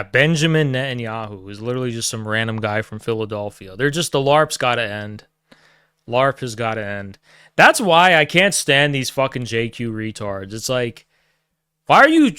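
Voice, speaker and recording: A man's voice: pushed and bright, clear, resonant tone, no echo, clean studio sound. Profane, sarcastic man ranting on stream. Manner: sarcastic, mocking, slips into high put-on voices. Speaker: political streamer. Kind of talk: profane casual rant.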